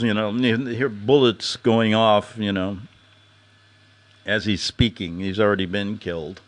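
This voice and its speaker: A man's voice: on the low side, steady tone, a little slow. A man hosting a podcast, delivering a sarcastic satirical monologue and laughing at his own jokes. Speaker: podcast host.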